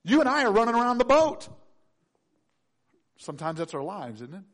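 A middle-aged man preaching a sermon, acting out voices and swinging from loud to hushed. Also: sits high, big pitch swings, fairly quick. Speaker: pastor.

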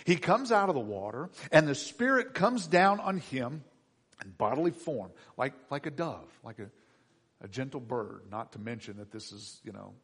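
A middle-aged man preaching a conversational sermon as pastor, with soft asides and gentle quoted lines. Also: mid-range voice, slightly rough. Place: church sanctuary. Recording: long hall reverb.

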